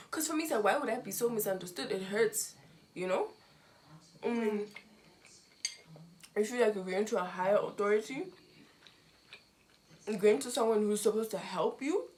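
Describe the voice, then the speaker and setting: Woman vlogger from Zimbabwe, casual storytime, lively swoops in pitch when quoting people. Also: moderate pace. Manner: animated, lots of "like", acts out quotes with big pitch jumps.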